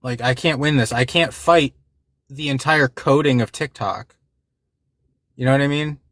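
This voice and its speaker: A man's voice: medium pitch, a little slow, a bit bright, dry recording. Frustrated man ranting to his stream chat. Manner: frustrated, agitated, swearing, repeating himself. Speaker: livestream host. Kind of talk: casual livestream talk to chat.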